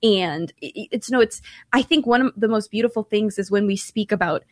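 A woman's voice: medium pitch, brisk, no room sound. A woman from Ireland co-hosting a Catholic radio talk show, chatty and enthusiastic as she invites calls.

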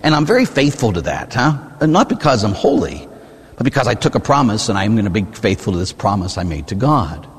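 A man, a Catholic priest, preaching a sermon in an animated, rhetorical way, often asking "huh?". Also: on the low side, a little fast, breathy edge. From United States. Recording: reverberant hall.

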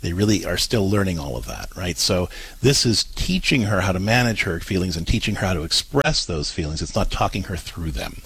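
Husky male co-host, lowish voice, earnest explainer on a parenting advice show. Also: sing-song, brisk, hardly any pauses, a bit bright, no echo, poor audio.

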